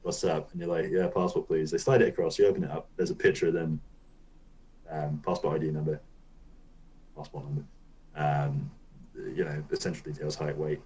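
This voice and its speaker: A man with a deep, low-pitched voice co-hosts a gaming podcast. He talks in a loose, rambling way and swears casually as he explains things. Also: little pitch movement, brisk, long pauses, darkish tone, rough recording. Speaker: podcast co-host.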